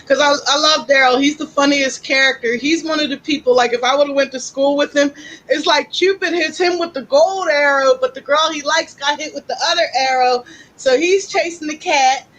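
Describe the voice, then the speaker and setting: A woman psychic co-host who talks in a chatty, animated way during casual live-stream readings. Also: high voice, normal speed, low-quality recording.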